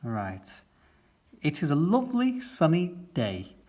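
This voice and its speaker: A man reading a picture book aloud to children, gentle and friendly. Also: fairly high pitch, wildly swooping pitch, slow pace. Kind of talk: read-aloud storytelling.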